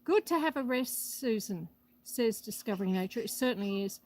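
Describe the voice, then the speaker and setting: A woman's voice: fairly high pitch, expressive, normal speed, darkish tone, low-quality recording. Breathless, chatty woman live-streaming outdoors. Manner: chatty, reads out viewer comments. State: a bit out of breath. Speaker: homestead livestream host. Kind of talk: casual live-stream chat. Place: outdoors on a rural property. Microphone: phone held for live stream.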